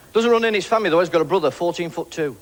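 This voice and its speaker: Lancashire man telling quick stand-up one-liners. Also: sits high, fairly bright tone, a little hiss or hum. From Blackpool, England. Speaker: stand-up comedian. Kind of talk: stand-up comedy routine.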